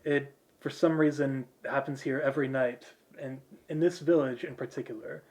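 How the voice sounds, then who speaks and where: A man voicing a weary middle-aged local father, explaining calmly and matter-of-factly. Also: medium pitch, normal speed, natural voice.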